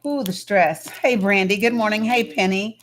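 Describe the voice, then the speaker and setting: A woman's voice: medium pitch, moderate pace. A woman in her thirties hosting a casual livestream, greeting viewers by name and setting ground rules. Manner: greets viewers one by one, talks to her kids off-mic. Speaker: livestream host.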